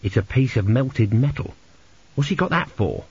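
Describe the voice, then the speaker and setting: A man's voice: medium pitch, lively intonation, moderate pace, breathy edge. A man voicing an anxious, polite young engineer who talks earnestly and hesitantly, in a lo-fi audiobook recording. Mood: puzzled.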